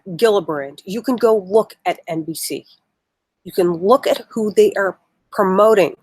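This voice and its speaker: A woman's voice: medium pitch, a little mellow, no echo, low-quality recording. Indignant woman live-streaming political commentary. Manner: indignant, emotional, reads articles with asides. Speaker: political livestream host. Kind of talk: casual live-stream commentary, reading news aloud.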